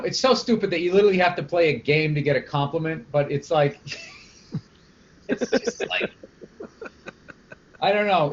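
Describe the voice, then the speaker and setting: A man's voice: a little high, slight background noise. A man, a comedian, chatting casually on a podcast with laid-back, wry banter. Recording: muffled lo-fi audio.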